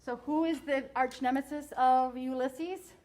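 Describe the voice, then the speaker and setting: A woman teacher with a high voice reads a novel aloud to her class, expressive and slowing for emphasis, and stops to ask students questions. The audio is poor.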